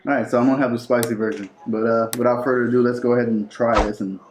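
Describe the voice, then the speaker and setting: A man's voice: mid-range voice, steady tone, very fast. A man hosting a casual food review vlog, talking in a playful, teasing way at home. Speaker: food vlogger host. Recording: echoey room with faint noise.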